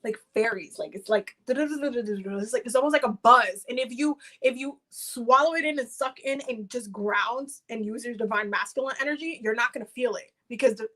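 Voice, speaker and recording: Bright-voiced young woman reading oracle cards. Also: a little high, normal speed, few pauses. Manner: rambling, heavy on "like" fillers, calls viewers pet names. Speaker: oracle card reader. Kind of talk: casual livestream card reading.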